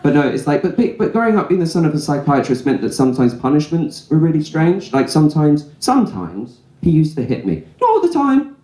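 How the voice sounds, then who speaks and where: Young male stand-up, warm mellow tone, casual storyteller, live club room echo. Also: on the high side, sing-song, fairly quick, hardly any pauses. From England. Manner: conversational storytelling with frequent "right?" asides. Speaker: stand-up comedian. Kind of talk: stand-up comedy set. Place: comedy club stage before a laughing audience.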